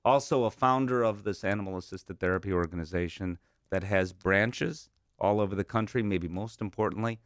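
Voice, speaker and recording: Low-voiced man hosting an interview. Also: fairly quick, no room sound, clean studio sound. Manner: encouraging, prompting the guest with questions. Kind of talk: interview host questions.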